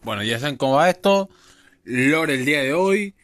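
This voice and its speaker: A man's voice: fairly high pitch, lively intonation, fairly quick, fairly bright tone. A man streaming a game, commenting casually and swearing freely. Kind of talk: casual let's play commentary.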